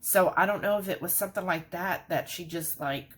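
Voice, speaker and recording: A woman's voice: lowish voice, brisk, a bit bright, breathy edge. A woman chatting casually to her viewers in a rambling way, often saying "y'all". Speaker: vlogger. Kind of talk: casual chat.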